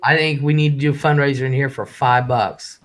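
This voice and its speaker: A man hosting a casual live stream. He talks fast, swears freely and reads chat messages aloud. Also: medium pitch, fairly even intonation.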